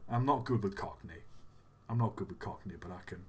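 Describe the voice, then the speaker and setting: A man's voice: low voice, fairly quick, slightly rough. A man hosting a casual live stream, chatting in a playful, self-deprecating and rambling way.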